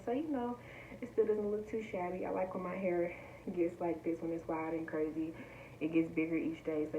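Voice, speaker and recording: A young woman chatting excitedly and directly to her viewers in a casual unboxing vlog. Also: fairly low pitch, lo-fi sound, slight background noise. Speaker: vlogger. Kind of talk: casual unboxing chat to camera.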